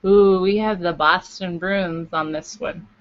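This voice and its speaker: A woman's voice: lowish voice, steady tone, measured pace, muffled recording. A woman from Canada chatting casually to camera in a video blog, rambling with fillers and playful asides. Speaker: vlogger. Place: at home in Los Angeles.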